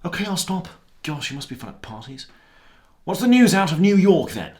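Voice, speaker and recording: A man's voice: fairly high pitch, very animated, a little mellow. Sarcastic male comedy news host. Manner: sarcastic, wry, halting with fillers. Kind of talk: satirical news commentary.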